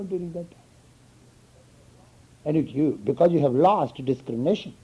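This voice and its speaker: A man's voice: on the high side, vocal fry, breathy edge. A man giving an informal spiritual talk to students, telling stories and often asking if they understand. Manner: storytelling, chuckling, asks listeners "you understand?". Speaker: spiritual teacher. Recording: dull lo-fi recording.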